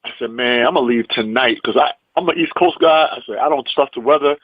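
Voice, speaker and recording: A comedian telling a story in a lively, emphatic way, acting out the people in it. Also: male voice, mid-range voice, fast talker, no echo, dull audio. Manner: lively, emphatic, acts out the people in his stories. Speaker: comedian and actor guest. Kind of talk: animated storytelling.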